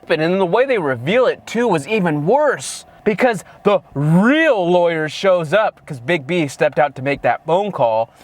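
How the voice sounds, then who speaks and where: A man co-hosting a casual movie review, ranting sarcastically with constant swearing and exasperation. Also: fairly high pitch. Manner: heavily profane, exasperated, sarcastic. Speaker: movie reviewer, channel co-host.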